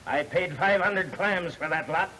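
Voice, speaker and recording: An old-movie gangster, gruff slang, threatening, sharp bright voice. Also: male voice, on the high side, unhurried, slight background noise, low-quality recording. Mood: menacing. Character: tough gangster customer demanding money. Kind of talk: 1930s film comedy acting.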